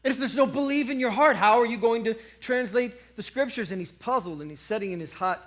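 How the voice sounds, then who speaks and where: High-voiced, animated male preacher. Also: fast talker. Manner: animated storytelling, acting out crowd voices. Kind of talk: sermon.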